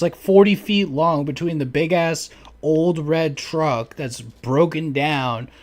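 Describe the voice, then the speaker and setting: A young man telling neighbor stories in casual chat, rambling and profane, packing every sentence with "like" and breaking into loud mocking voices. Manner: rambling, profane, heavy use of "like"; mimics neighbors in loud high-pitched voices.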